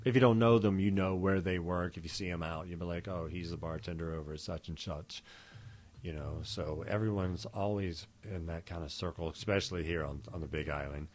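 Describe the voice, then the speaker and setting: A man's voice: low voice, steady tone, fairly quick, hardly any pauses. A man hosting a podcast, talking in a casual, rambling way with lots of fillers and restarts. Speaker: podcast host. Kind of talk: casual solo podcast monologue.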